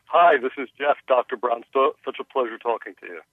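A man's voice: mid-range voice, a little fast, no echo. Male radio caller, earnest and encouraging, thin telephone sound, dry. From Maryland. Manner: earnest, encouraging, with frequent uhs. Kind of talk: phone call to a radio show. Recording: tinny phone line.

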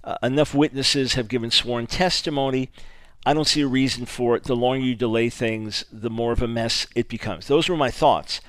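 Male talk radio host, mid pitch, animated and emphatic, dry close studio mic. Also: normal speed, dry recording. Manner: emphatic and animated, stressing key words. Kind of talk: radio talk show monologue. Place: radio studio, audio only.

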